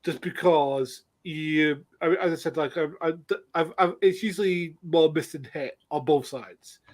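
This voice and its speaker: A man co-hosting a casual chat, halting, with frequent restarts. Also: on the high side. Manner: halting, many restarts and fillers. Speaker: podcast co-host.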